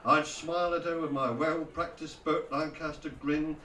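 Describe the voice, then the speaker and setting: A man narrates a memoir in a wry, mocking storyteller's manner. His voice sits a little high and bright. The recording is roomy, with the mic some way off. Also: steady tone, normal speed, a little hiss or hum. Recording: roomy echo, distant from mic.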